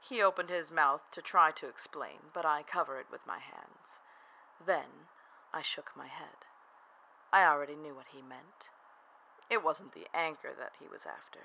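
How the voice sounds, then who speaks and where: A narrator telling a first-person erotic audio story in a soft, half-whispered, breathy delivery. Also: mid-range voice, normal speed, a little hiss or hum, rough recording.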